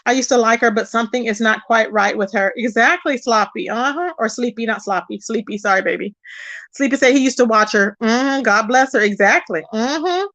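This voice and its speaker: A chatty woman hosts a live stream, gossiping and answering her chat with pet names like baby and child. Her voice sits a little high, and the sound is dry and close, with no room around it. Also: a little fast, dry recording. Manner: animated and chatty, calls viewers "baby" and "child". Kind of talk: casual gossip commentary.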